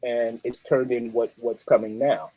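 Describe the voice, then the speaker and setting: A middle-aged man, a musician guest telling stories in a streetwise, animated way. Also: medium pitch, a little slow, dry recording, rough recording. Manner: animated, streetwise, peppered with "you know what I mean". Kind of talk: casual interview storytelling.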